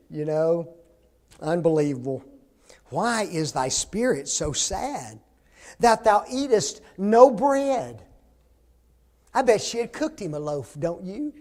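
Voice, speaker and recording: A man leads a Bible class in a high-pitched voice. He is animated and jokey, and keeps quizzing his listeners with questions.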